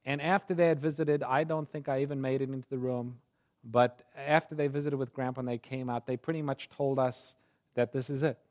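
A man preaching a sermon through a personal story, his delivery swinging from hushed tones to fervent pleading. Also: medium pitch, steady tone, a little fast.

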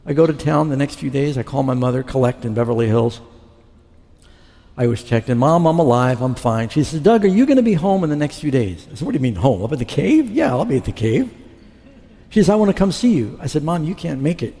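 A man's voice: mid-range voice, very animated, brisk, mellow. A middle-aged man preaching a sermon, telling his conversion story and acting out his past dialogue. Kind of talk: sermon testimony. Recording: long hall reverb.

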